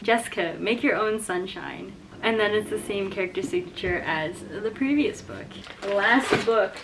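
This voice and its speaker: A young woman vlogging a book unboxing, gushing and emotional, jumping from excited squeals to hushed whispers. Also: medium pitch, moderate pace, background noise. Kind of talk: casual unboxing vlog. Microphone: camera mic.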